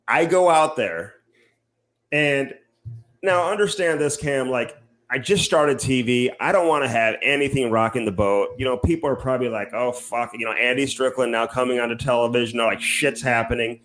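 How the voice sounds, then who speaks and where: A man's voice: mid-range voice, moderate pace, fairly bright tone. A man co-hosting a podcast, telling a long story in casual chat, rambling and profane with plenty of fillers. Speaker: podcast co-host and TV hockey reporter.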